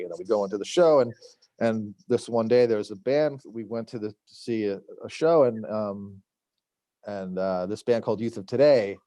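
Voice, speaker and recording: A man's voice: on the low side, mellow, dry recording. A middle-aged man from Long Island, telling stories as a guest, rambling with many fillers and acted-out quotes. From Long Island, New York. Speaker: chef and podcast guest. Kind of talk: casual storytelling interview.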